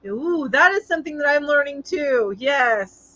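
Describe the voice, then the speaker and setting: A woman hosting a casual live-stream chat, reading viewer comments aloud in a chatty, sympathetic way, halting with many ums. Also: sits high, expressive, pushed and bright, dull audio. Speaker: live show host.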